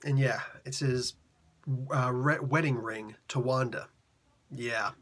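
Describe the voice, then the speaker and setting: A man's voice: medium pitch, takes it slowly, a bit bright. A man who reviews comics, retelling a story in chatty, slangy casual talk. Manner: chatty, slangy, laughs often.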